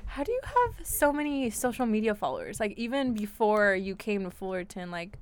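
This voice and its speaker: A woman's voice: mid-range voice, big pitch swings, a little fast, clear, resonant tone. A woman hosting an interview, asking questions in an eager, complimentary way. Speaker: interviewer, host. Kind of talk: casual interview.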